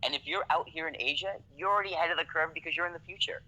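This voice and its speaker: A man's voice: fairly high pitch, rapid-fire, bright, forceful tone, poor audio. A man from Canada, a podcast guest talking casually, swearing freely and often checking "you know what I mean". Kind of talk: casual conversation.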